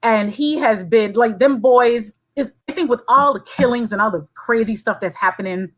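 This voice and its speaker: Speaking as a guest on a podcast, a woman from Saint Croix, U.S. Virgin Islands, talks casually with a fairly high pitch at normal speed. She is earnest and encouraging, speaking at length, over a rough recording.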